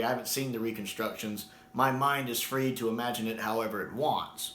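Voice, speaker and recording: Excited guy talking up a book he loved, lots of laughs and fillers, bright voice, echoey room. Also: medium pitch, slight background noise. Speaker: book reviewer. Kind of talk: casual video review. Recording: roomy echo.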